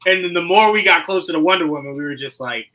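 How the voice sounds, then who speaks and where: A man hosting a casual podcast chat, animated and laughing often, dropping to low asides and jumping to loud outbursts. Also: quick pace, low-quality recording. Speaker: podcast host.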